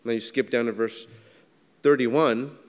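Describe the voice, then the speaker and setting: A man's voice: mid-range voice, fairly even intonation, measured pace, in a large hall. A man preaching a sermon in a conversational way, asking his listeners questions as he walks through the passage. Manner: conversational, asks the congregation questions. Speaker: pastor.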